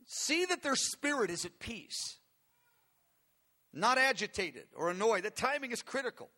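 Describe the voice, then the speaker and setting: A man's voice: very high-pitched, big pitch swings, a little slow, bright, forceful tone. A man preaching a conversational, earnest sermon, asking his listeners questions as he teaches. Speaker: pastor.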